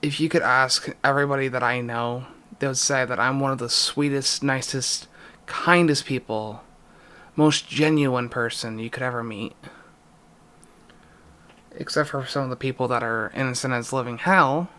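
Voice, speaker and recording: A young man in an emotional vlog confession, distressed and near tears, speaking haltingly with pauses and a voice that drops. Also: mid-range voice, steady tone, sharp tone, clean tone. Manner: halting, pausing, voice dropping. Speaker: YouTuber.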